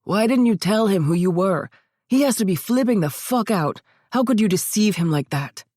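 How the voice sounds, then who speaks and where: A woman reading the lines of a protective male biker, blunt and gruff with hard swearing. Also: high voice, lively intonation, normal speed, darkish tone, no echo, clean studio sound.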